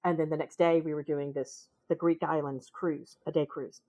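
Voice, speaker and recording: A woman with a Minnesota accent, a podcast guest telling travel stories in a casual, animated way. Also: low-pitched, normal speed. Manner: animated, acts out voices in her anecdotes. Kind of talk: casual storytelling conversation.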